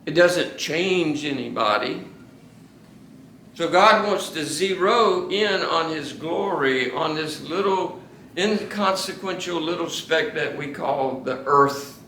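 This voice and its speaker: A man teaches a small Bible study group in a relaxed, talkative way, circling back on his words and quizzing the class. His voice is bright and sits a bit high. The room is echoey, with a faint hiss behind him. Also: slow pace, far from the mic. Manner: conversational, repeats and restarts, asks the class questions.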